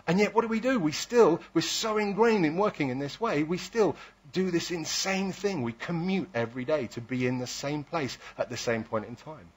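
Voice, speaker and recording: Lively, husky man giving a talk. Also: medium pitch. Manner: lively, persuasive, asks rhetorical questions. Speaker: speaker. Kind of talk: public talk.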